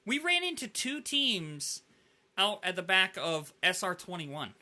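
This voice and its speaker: A man hosts a laid-back gaming podcast and tells his stories with lively, animated energy. His voice sits a bit high and sounds very bright and cutting, and he keeps tossing "like" into nearly every sentence. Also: measured pace. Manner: animated storyteller, heavy use of "like". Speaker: podcast host. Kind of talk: casual gaming podcast chat.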